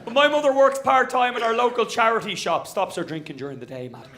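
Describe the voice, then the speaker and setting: An Irish male stand-up comedian with a high, fairly bright voice performs a set at a comedy venue before a live audience. He talks quickly in a punchy, self-mocking way, adding tag lines.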